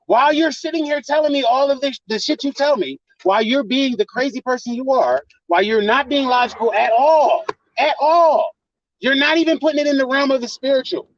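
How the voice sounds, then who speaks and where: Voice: sits high, a little fast, dry recording, muffled recording. Confrontational, profane ranting voice. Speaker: channel host. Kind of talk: heated rant at a partner.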